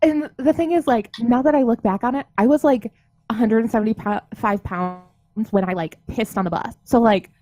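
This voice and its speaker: A woman's voice: a little high, normal speed, a little mellow, no room sound. A young adult woman co-hosting a casual podcast who jokes, mocks herself and swears freely. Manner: joking and self-mocking, swears freely. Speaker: podcast host.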